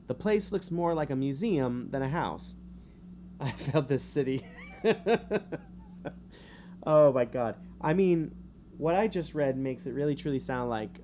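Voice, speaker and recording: A man's voice: medium pitch, warm tone, slight background noise. A man streaming, reading a gamebook aloud in a casual way, with rambling, self-mocking asides between passages. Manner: chatty, rambling asides, quick to laugh at himself.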